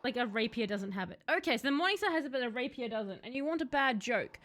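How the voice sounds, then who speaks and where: A woman streaming a game live, chatting casually, reading chat aloud and breaking into excited outbursts. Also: fairly high pitch, quick pace.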